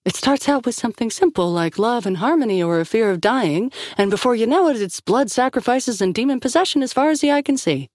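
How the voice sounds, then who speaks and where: A woman's voice: on the high side, animated, brisk, hardly any pauses, darkish tone, no room sound, clean studio sound, voice pushed up. A woman voicing a stern female commander who speaks firmly in clipped lines.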